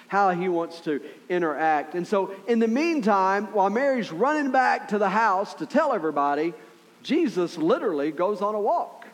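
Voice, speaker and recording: A man preaching a sermon as pastor, telling the story in an animated way with acted-out voices and asides to the congregation. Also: high voice, big-room sound.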